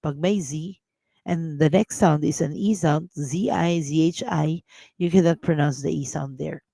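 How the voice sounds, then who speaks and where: A woman with a Filipino accent teaching a casual language lesson, drilling words slowly and mixing English with Tagalog. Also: low-pitched, warm tone, no echo. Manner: clears throat often.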